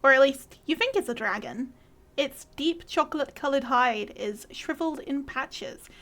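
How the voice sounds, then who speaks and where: A woman narrating as game master in a measured, descriptive way. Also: high-pitched, lively intonation, fairly bright tone. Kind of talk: scripted narration of a tabletop game.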